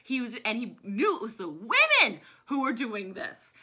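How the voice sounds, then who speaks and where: A woman's voice: fairly high pitch, wildly swooping pitch, normal speed, sharp tone, slightly rough. A woman in her thirties from New Orleans, teaching a history lesson in a chatty, digressive storytelling way. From New Orleans, USA. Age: 30s.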